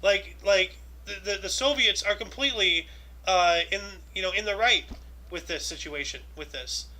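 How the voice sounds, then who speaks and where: High, very bright man chatting loosely. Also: normal speed, rough recording. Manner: rambling, loose, many "you know"s. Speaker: co-host. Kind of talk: casual chat reading history events.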